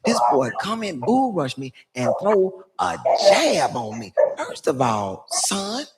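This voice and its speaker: A man's voice: on the high side, takes it slowly. A middle-aged man telling a comic story about his son, boastful and acting out every line of dialogue. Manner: boastful, animated, acts out dialogue. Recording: noticeable background noise.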